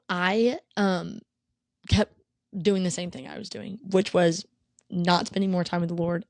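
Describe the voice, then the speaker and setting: A woman's voice: mid-range voice, darkish tone, dry recording. A woman in her twenties hosting a podcast, sharing a personal faith testimony in an earnest, emotional, rambling way. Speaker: podcast host. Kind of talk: casual faith testimony monologue.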